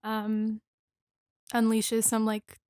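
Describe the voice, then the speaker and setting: A young woman describes a film slowly and hesitantly, leaning on fillers as she goes. Her voice is a bit high and quite flat in pitch, recorded dry and close. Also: clear, resonant tone, no room sound. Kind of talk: casual movie chat.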